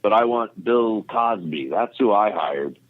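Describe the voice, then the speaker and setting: A man's voice: on the low side, expressive, unhurried. A man doing a blunt club owner. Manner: blunt, matter-of-fact. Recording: tinny phone line.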